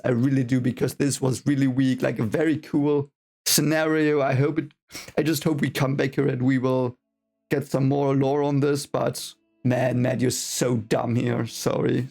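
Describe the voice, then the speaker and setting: Over soft background music, a man speaks in a medium-pitched, level, creaky and a little mellow voice at a moderate pace. He's a book reaction reader going through a fantasy novel for the first time, venting in exasperated, swearing rants full of apologies and repeated phrases.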